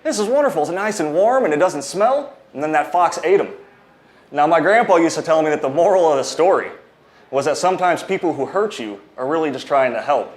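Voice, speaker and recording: Cocky wrestling champion trash-talking. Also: male voice, a little high. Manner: cocky, mocking storyteller.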